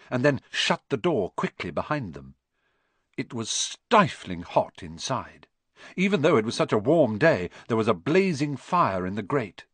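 A man narrating an audiobook in an expressive storytelling manner. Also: medium pitch, breathy edge, no echo.

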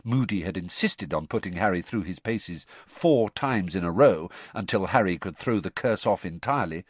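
A man narrating an audiobook in an expressive storytelling manner. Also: deep voice, moderate pace, few pauses, no echo. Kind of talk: scripted narration.

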